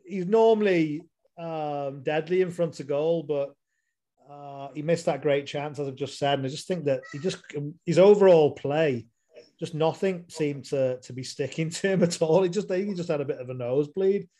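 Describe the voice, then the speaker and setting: A man's voice: a little high, normal speed, mellow. Rambling man chatting football. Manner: rambling, many fillers and restarts. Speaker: podcast host. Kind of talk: casual football chat.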